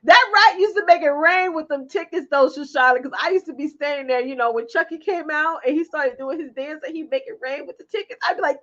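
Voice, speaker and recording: Animated, chatty woman on a muffled stream. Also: high voice, brisk, hardly any pauses. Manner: animated, chatty, reads out viewer comments. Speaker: live stream host. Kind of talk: casual chat with live viewers. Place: home.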